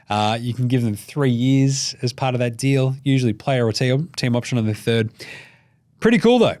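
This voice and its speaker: A man hosting a podcast in casual sports talk, joking, swearing, and slipping into mock voices. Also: on the high side. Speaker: podcast host.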